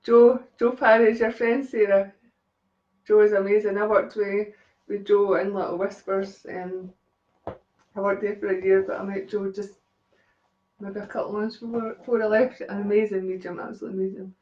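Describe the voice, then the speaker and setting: A woman's voice: mid-range voice, little pitch movement, moderate pace, echoey room, dull audio. A woman with a Scottish accent doing live psychic readings on a stream, chatting and laughing with viewers by name. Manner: chatty, laughs often, talks to commenters by name. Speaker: psychic medium.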